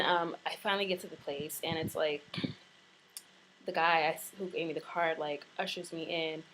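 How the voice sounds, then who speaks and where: Young woman rambling in a casual vlog, kinda low voice, hiss in the background. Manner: rambling, filler-heavy storytelling with lots of "like". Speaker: vlogger. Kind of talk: casual chat. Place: apartment in Florence.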